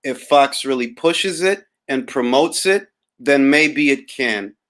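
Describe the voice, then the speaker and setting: Hosting a casual boxing livestream, a young man from Harlem reads and answers live chat comments in a relaxed New York accent. His mid-range voice moves slowly in an easy drawl that turns wry and a little boastful.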